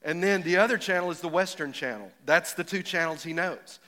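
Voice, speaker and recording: Middle-aged male preacher, folksy storyteller, bright sharp voice with a touch of extra pitch. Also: fairly quick. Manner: folksy storytelling, rising to emphatic, builds up to jokes. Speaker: pastor. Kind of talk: sermon. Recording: echoey hall with long reverb.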